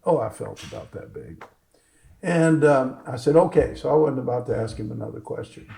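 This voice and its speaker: A man's voice: medium pitch, lively intonation, moderate pace, vocal fry, dark tone, low-quality recording. A man, a doctor, telling a story at a live talk and acting out the lines of the people in it. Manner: acts out other people's lines in his stories. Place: fitness gym, indoors.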